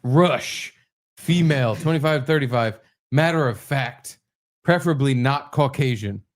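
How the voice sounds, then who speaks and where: A man co-hosting a comedy podcast, bantering with a wry, teasing deadpan while reading a script aloud. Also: mid-range voice, a little slow. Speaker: podcast co-host.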